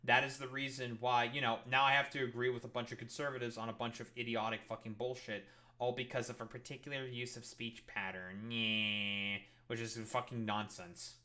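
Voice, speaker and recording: Bright-voiced, profane male streamer. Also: mid-range voice, fairly quick. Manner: swears constantly, scornful, restarts a lot; gets loud and excited while acting out an example. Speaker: streamer reacting to an interview. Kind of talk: profane political commentary.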